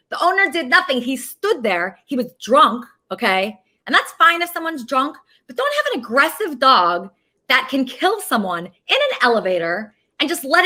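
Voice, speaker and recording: A woman's voice: sits high, pushed and bright. A woman hosting her own online show, delivering an indignant venting monologue to viewers and often tacking on "okay?". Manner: indignant, frequently adds "okay?". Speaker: show host.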